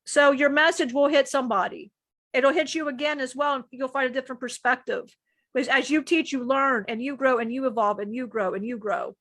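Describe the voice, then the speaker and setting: A woman's voice: high voice, brisk, a bit bright, no echo. A woman co-hosting a live stream, sharing personal struggles in a rambling, emotional way, often restarting sentences and swearing casually. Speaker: channeler co-host.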